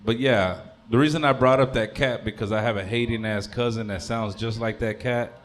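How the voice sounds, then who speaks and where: A man's voice: medium pitch, fairly even intonation, moderate pace, slight background noise. A man in his thirties doing a stand-up comedy set, rambling and crude, stopping on fillers. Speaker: stand-up comic.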